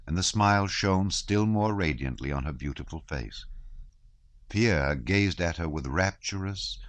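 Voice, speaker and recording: A man reading a classic novel aloud as an audiobook narrator, measured and expressive. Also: sits low, no echo.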